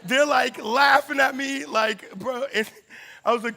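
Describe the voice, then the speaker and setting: A man's voice: very high-pitched, steady tone, a little slow, vocal fry, pushed and bright. A man giving a casual storytelling sermon to a campus group, laughing often and acting out the people in his story. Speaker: campus ministry speaker.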